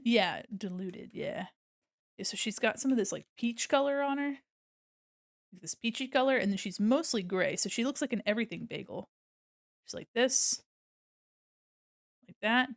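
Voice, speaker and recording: A woman's voice: on the high side, lively intonation, normal speed, creaky, long pauses, no room sound, clean studio sound. A young adult woman streaming casually while she draws, rambling and giggling often and swearing freely.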